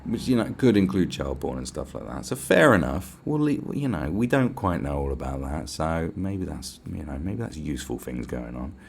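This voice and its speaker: A man hosting a solo podcast, ranting in a sarcastic, sweary, animated way. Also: a bass voice, normal speed, gravelly, hardly any pauses, slight background noise. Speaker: podcast host.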